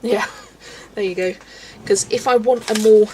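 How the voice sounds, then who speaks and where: A woman's voice: mid-range voice, steady tone, a little slow, warm tone, slight background noise, poor audio. A young woman chatting casually on a colouring livestream, answering chat and laughing often. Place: home room.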